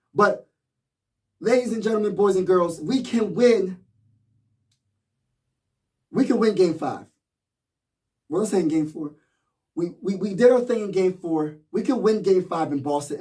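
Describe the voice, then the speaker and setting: A man's voice: a little high, a little mellow, far from the mic. A man vlogging as a sports fan, rallying viewers with slangy, repetitive hype. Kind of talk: hyped fan commentary.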